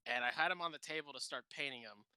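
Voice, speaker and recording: Bright, joking, foul-mouthed man. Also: on the high side, quick pace, clean tone, dry recording. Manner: profane, joking storyteller who acts out quotes. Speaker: podcast co-host. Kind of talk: casual chat.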